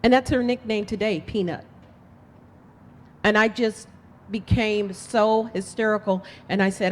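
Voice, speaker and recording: A woman's voice: medium pitch, steady tone, unhurried, long pauses. A woman political candidate giving an impassioned, emphatic campaign speech, telling her story. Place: event hall. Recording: long hall reverb.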